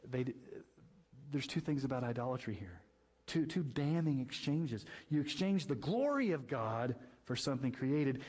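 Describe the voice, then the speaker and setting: A male pastor preaching a sermon, reading scripture and building to loud, high-pitched emphasis on key points. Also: rough recording. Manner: impassioned preaching, climbs high and loud when stressing points.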